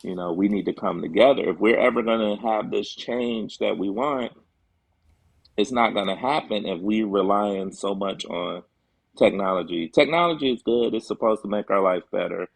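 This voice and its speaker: A man's voice: lowish voice, moderate pace, gravelly, husky, no room sound. A man speaking as a guest on a talk show, earnest and emphatic, with frequent fillers. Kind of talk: casual chat.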